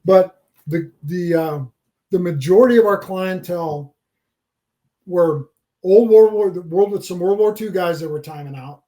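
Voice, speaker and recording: A man's voice: on the high side, warm tone. A middle-aged man animatedly telling a story as a podcast guest, often repeating words as he builds up to the point. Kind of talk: casual storytelling.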